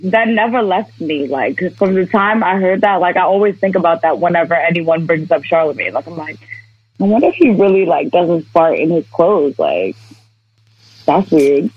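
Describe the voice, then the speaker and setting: A man with a high, husky voice talks in an easy, slangy way and tells stories as a podcast co-host. The sound is muffled and lo-fi, as if from a cheap mic. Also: animated, normal speed, no room sound. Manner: laid-back, slangy storytelling. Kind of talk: casual chat. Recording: dull lo-fi mic.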